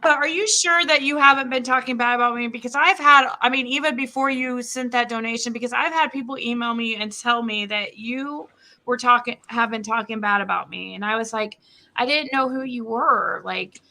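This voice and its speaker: A woman's voice: fairly high pitch, normal speed, sharp tone. A woman hosting her own livestream, talking in a hesitant, stumbling way. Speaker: channel host. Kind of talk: casual livestream chat.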